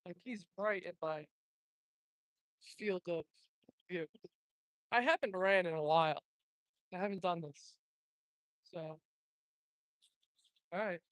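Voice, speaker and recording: A man's voice: sits high, slow, pauses often, fairly bright tone, dry recording. A man talking casually to his phone outdoors, chatty and self-mocking. He is out of breath after a short run. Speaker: band member vlogging. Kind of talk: casual solo vlog on a walk. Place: outdoors, open area. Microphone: phone propped up, headphones unplugged.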